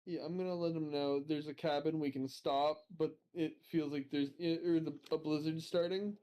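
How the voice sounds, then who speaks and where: A man's voice: a little high, steady tone, normal speed, mellow, clean tone. A man playing a tabletop game casually, talking hesitantly with many fillers and restarts. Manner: hesitant, filler-heavy, laughs easily. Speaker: player.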